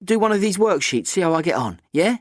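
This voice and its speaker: A man's voice: sits high, very animated, brisk, no echo, studio quality, pitched above the performer's own voice. A man voicing a bold, cheeky teenage schoolgirl with a breezy, teasing manner.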